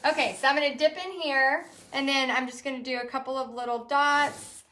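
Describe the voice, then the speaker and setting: A woman hosting a live step-by-step painting lesson, chatty and quick to laugh as she reads out viewer comments. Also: high voice, steady tone, pushed and bright. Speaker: painting instructor and host.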